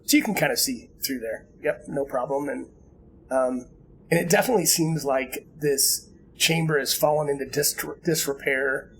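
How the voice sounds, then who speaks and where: A man narrating a tabletop game as game master, easygoing and halting, with many fillers and restarts. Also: medium pitch, fairly bright tone, a little hiss or hum, low-quality recording.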